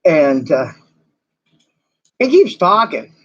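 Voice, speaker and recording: A man's voice: fairly high pitch, very animated, slow pace, a bit bright. A man narrating as game master in a casual, rambling way with many fillers. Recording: dull lo-fi recording.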